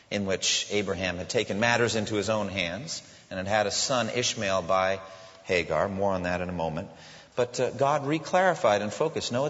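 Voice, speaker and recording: A male pastor preaching a sermon emphatically, slowing down to stress his points, in a large church. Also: on the low side, fairly bright tone. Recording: dull sound with long hall reverb.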